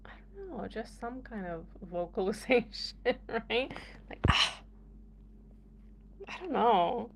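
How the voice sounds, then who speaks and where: Slow-talking chatty woman vlogger. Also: a little high, lively intonation, creaky, background noise. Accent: American. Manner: laughs often, chatty and playful. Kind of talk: casual chat to camera.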